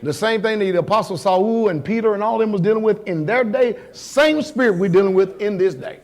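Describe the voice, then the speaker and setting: A man with a high voice preaches a sermon in a casual, street-level way. He throws rhetorical questions at the congregation, drops into quiet asides and then builds up to loud shouts. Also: fairly quick. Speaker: pastor.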